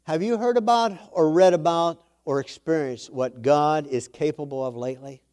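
Man preaching, fairly high-pitched, animated, emphatic, storytelling. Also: normal speed. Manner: animated, rising to emphatic exclamations; storytelling with quoted dialogue. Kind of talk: sermon with a testimony.

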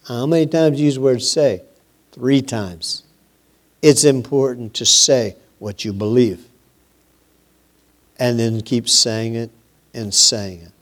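A man preaching a sermon, slow and emphatic, repeating phrases and letting his voice drop at the ends of lines. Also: mid-range voice.

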